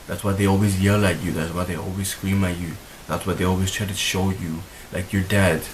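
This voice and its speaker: A man's voice: low-pitched, little pitch movement, fairly quick, a little hiss or hum, low-quality recording. A young man talking earnestly to his viewers in a heartfelt vlog, rambling and repeating himself as he gets emotional. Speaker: vlogger. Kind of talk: earnest talk to camera.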